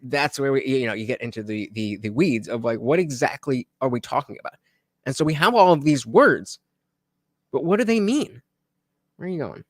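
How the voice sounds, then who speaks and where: A man's voice: medium pitch, animated, no echo, studio quality. Hesitant man reviewing a debate on stream. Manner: halting, many fillers and restarts. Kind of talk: casual live-stream commentary.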